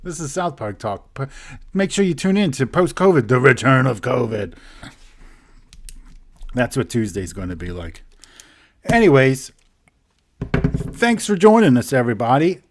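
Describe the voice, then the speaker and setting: A man's voice: mid-range voice, sing-song, measured pace, long pauses. A young man co-hosting a casual podcast chat, laughing and swearing as he acts out quoted voices. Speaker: podcast co-host.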